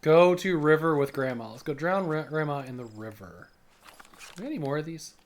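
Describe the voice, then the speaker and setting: A man's voice: a little high, animated, moderate pace. A man streaming a video game, joking around crudely and reading the on-screen dialogue aloud. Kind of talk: casual gameplay commentary.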